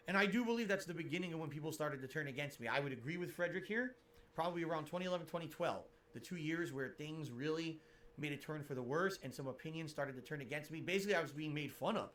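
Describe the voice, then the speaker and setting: Streamer guy explaining himself, kinda defensive, sharp bright voice a bit high. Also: animated, fast, slight background noise. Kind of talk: streaming commentary.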